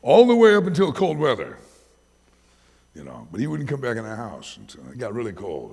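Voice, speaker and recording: Raspy pastor man preaching, storytelling, long echo in a big church. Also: mid-range voice, brisk. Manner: anecdotal, animated storytelling. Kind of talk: sermon. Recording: long reverb of a church hall.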